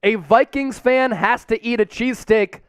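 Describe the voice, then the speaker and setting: A man hosting a fan watch-party stream, calling plays and reading out chat shout-outs with hyped cheers. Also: extremely high pitch, moderate pace, clear, resonant tone, dry recording, clean studio sound.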